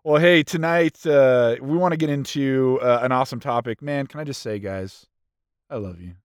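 A man's voice: medium pitch, normal speed, clean tone, no echo, studio quality. A man hosting a podcast, chatting casually and jokingly as he introduces the night's topic. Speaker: podcast host. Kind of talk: casual chat.

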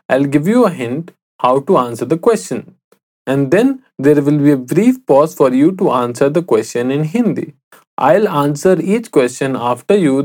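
A man co-hosting a Hindi language podcast, giving answer hints and slowly repeating phrases for learners. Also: medium pitch, darkish tone. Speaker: podcast co-host, Hindi teacher. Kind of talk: scripted language lesson.

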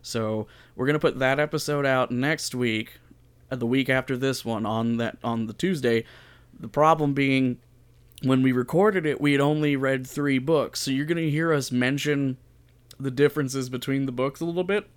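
A man's voice: mid-range voice, moderate pace, smooth. A man hosting a podcast in casual banter, joking and self-mocking as he catches listeners up. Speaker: podcast host.

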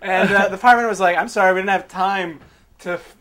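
A man's voice: sits high, fairly even intonation, fairly quick, a crowd in the background. A man co-hosting a podcast, reacting with easy chuckles in casual chat. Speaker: podcast co-host.

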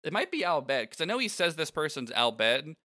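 A man's voice: fairly high pitch, big pitch swings, brisk, pushed and bright, no room sound, studio quality. A man co-hosting a podcast, chatting casually and a little hesitantly about a video game. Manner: rambling, hesitant, with many fillers. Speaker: podcast co-host.

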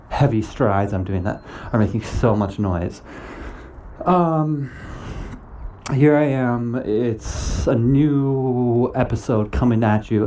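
A man's voice: on the low side, mellow, a little hiss or hum. Goofy man rambling while walking outdoors. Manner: goofy, laughing, playful sound effects. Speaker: podcast host. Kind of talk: rambling comedic monologue.

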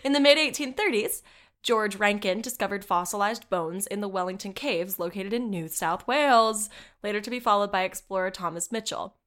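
A woman co-hosts a casual podcast in a middle-pitched, slightly bright voice. She reads old accounts aloud but keeps breaking off to laugh and swear in asides.

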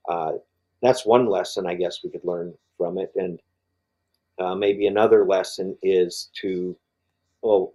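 A man's voice: sits low, mellow, slightly rough, poor audio. An older man as an interview guest, talking through his faith story, rambling with many fillers and restarts. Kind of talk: podcast interview conversation.

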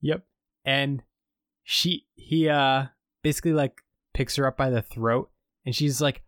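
A man's voice: medium pitch, fairly even intonation, measured pace, a bit bright, no echo, studio quality. A man co-hosting a podcast, casually recapping an episode in a rambling way, full of fillers. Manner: rambling storytelling with many fillers. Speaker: podcast co-host recapping a show.

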